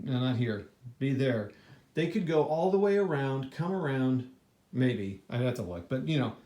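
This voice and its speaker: A man's voice: a little high, a little mellow. A man casually thinking aloud as he reviews a board wargame he played, rambling and restarting his sentences with lots of fillers. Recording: echoey room.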